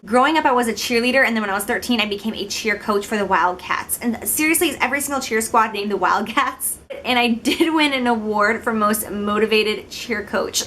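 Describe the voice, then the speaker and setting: A beauty vlogger in her twenties from Illinois, United States, talks briskly to the camera with few pauses in a slightly high, bit bright voice. There's slight background noise, and her manner is chatty, giggly, and self-deprecating.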